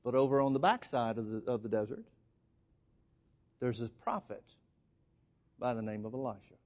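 A man's voice: medium pitch, normal speed, a little mellow. A man preaching a sermon, telling a story with emphatic delivery. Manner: emphatic storytelling, addresses the congregation as folks.

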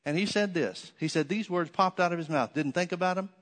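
A man's voice: high voice, brisk. Man, preacher, storytelling sermon, repeats phrases, reverberant hall sound.

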